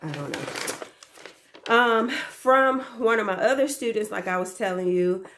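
Speaking to the camera in a casual gift haul, a young woman who works as a daycare teacher gushes repetitively over her presents and addresses viewers as y'all. Her voice is a little high and a bit bright, at a moderate pace.

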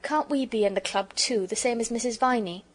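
A woman's voice: on the high side, brisk, lightly acted. A woman voicing an earnest, polite young girl in a children's storybook, eager and a little shy.

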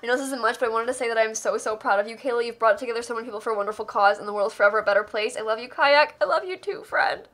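A woman's voice: fairly high pitch, racing, hardly any pauses, a bit bright. A young adult woman streamer reading donation messages aloud on a live charity stream, thanking people in an effusive, emotional way.

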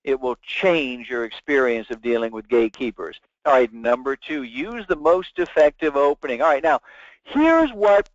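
A man's voice: mid-range voice, expressive, normal speed, dry recording. A man giving a webinar lecture as a sales trainer, talking emphatically and acting out sample phone calls. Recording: dull, dry lo-fi webinar audio.

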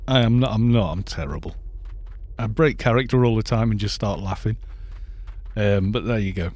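A man's voice: fairly low pitch, normal speed, a little mellow. Rambling, laughing man streaming a game. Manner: rambling and jokey, laughs often. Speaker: gaming streamer. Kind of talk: casual live-stream chat while playing.

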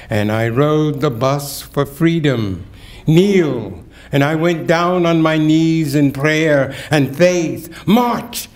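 Older man, slow dramatic poetry reading. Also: mid-range voice. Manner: slow, declamatory, rising to ringing emphasis on key words. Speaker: keynote speaker reading poetry. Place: event hall at a community breakfast.

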